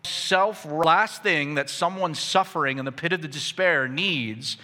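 Pastor, male, fiery sermon delivery, bright tense voice, reverberant church hall. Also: a little high, unhurried. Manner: impassioned, rising to near shouts.

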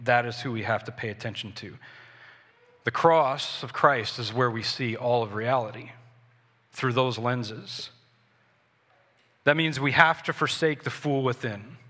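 A man's voice: mid-range voice, bright, forceful tone. A man preaching a sermon earnestly, often repeating himself and correcting his words in a church. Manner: earnest, repetitive, self-correcting. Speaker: pastor. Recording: long hall reverb.

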